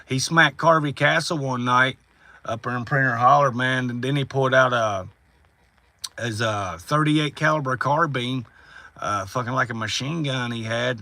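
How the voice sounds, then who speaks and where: A man's voice: medium pitch, pushed and bright, dry recording. Profane man telling stories. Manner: profane, rambling, drawling with frequent laughs. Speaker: livestream host. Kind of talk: casual storytelling on a livestream.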